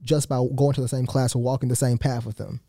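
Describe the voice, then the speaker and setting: A man's voice: medium pitch, level tone, fast talker, dark tone, no echo. A young man from Atlanta, Georgia, a student guest giving earnest, polite answers in a studio interview. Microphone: studio mic.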